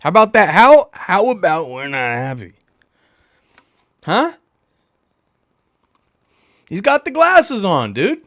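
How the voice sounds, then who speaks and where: A man chatting on a livestream with a voice that swings hugely up and down, sitting a little higher than most men's. He is playful and talks straight to his viewers, repeating lines for emphasis. The sound is close and dry. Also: takes it slowly, long pauses, dry recording. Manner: animated, talks about himself in the third person; playful, blows kisses into the mic. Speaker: livestream host. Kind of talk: casual livestream chat.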